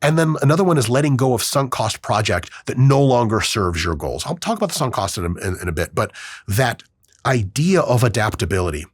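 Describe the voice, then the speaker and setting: A man's voice: mid-range voice, a little fast, breathy edge, dry recording, clean studio sound. A man hosting a podcast in casual chat, swearing freely and acting out quoted voices. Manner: profane, animated, acts out quoted voices. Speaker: podcast host.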